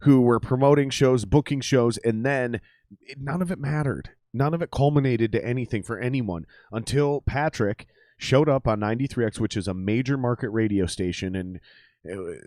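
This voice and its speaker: A man's voice: medium pitch, normal speed, darkish tone, no room sound. Male host, casual and profane, laughs a lot, dry close mic. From Minnesota. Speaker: podcast host. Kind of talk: casual live-stream banter.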